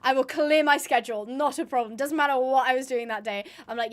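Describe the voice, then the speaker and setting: A woman's voice: high-pitched, quick pace. A young woman chatting casually on a live stream while she plays, rambling with lots of fillers and restarts. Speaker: streamer and roleplayer.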